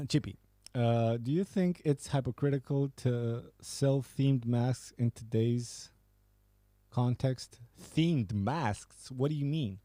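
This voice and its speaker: A man's voice: mid-range voice, takes it slowly, warm tone, no room sound. Man, podcast host, casual banter, profane, dry close sound. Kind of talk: casual chat reading viewer messages.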